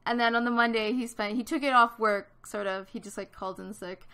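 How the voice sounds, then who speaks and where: A woman's voice: fairly high pitch, steady tone, brisk, bright, forceful tone, smooth. A woman in her twenties from Canada, telling a story in casual chat over a gaming video, with lots of fillers. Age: 20s. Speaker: gaming vlogger.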